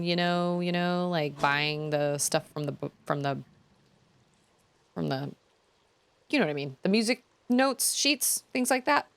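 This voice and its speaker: A woman casually commenting as she plays a video game, chatty and self-deprecating, often trailing off mid-thought. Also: low-pitched. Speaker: game streamer. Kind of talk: casual let's-play commentary.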